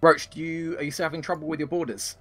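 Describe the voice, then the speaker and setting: A man's voice: level tone, fast, pushed and bright, soft background music. Dry, teasing man in a gaming chat. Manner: dry, teasing, drops his voice low. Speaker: player in the gaming session. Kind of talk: casual multiplayer gaming chat.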